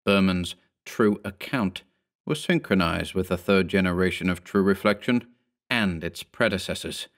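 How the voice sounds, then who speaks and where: A man with a fairly low voice reads a horror story aloud. His delivery is measured and steady, the pace of scripted audiobook narration.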